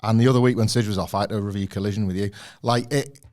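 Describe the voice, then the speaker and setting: A man co-hosting a podcast, rambling through animated stories in casual chat. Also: lowish voice, very fast, soft background music. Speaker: podcast co-host.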